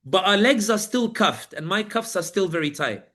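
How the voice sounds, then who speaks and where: A man's voice: high-pitched, expressive, moderate pace, bright, forceful tone. A man, a journalist guest on a live panel, recounting his experiences as vivid storytelling, acting out the people he met in quotes. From Britain. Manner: vivid storytelling, acts out guards and inmates in quotes.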